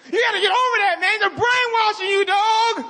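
A man putting on a mocking, indignant male blogger who rants against Santa Claus, shouting and laughing as he goes. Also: normal speed. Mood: mock outrage. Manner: shouting, laughing, high-pitched mockery.

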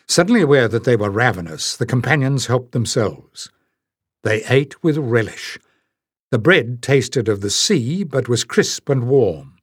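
A man reading a fantasy audiobook aloud in scripted narration, with even, measured storytelling. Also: medium pitch, slightly rough, no echo, clean studio sound.

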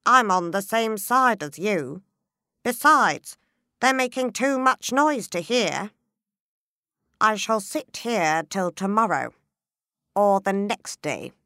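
A resigned storybook frog doorman, as a woman puts him on, patient and unbothered. The voice sits at a middle pitch with a bright, forceful edge and unhurried delivery, recorded dry and close. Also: expressive, no room sound, exaggerated voice. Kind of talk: storybook character voice.

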